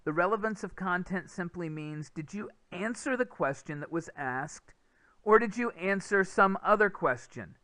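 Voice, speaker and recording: A man's voice: high-pitched, expressive, normal speed, sharp tone, no echo. A man giving a recorded lesson over slides on speaking-test skills, explaining step by step and sounding out speech rhythm with nonsense syllables. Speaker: English test teacher.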